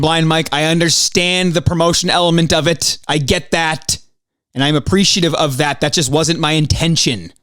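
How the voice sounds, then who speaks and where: A man's voice: fairly high pitch, a bit bright, no echo, clean studio sound. A man hosting a podcast, talking casually on his own, ranting and swearing, his voice jumping up when he gets worked up. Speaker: podcast host. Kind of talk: casual solo podcast monologue.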